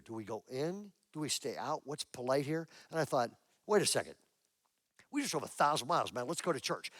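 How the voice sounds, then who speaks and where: A male pastor preaching a sermon, telling a lively story and acting out what people said. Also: high voice, no room sound. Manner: animated storyteller acting out quotes, building to excited.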